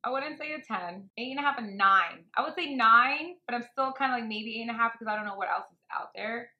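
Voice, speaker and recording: A woman's voice: a little high, quick pace, reverberant, highs cut off. A young woman co-hosting a casual mukbang vlog, giggly and rambling in an easygoing way. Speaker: vlog co-host.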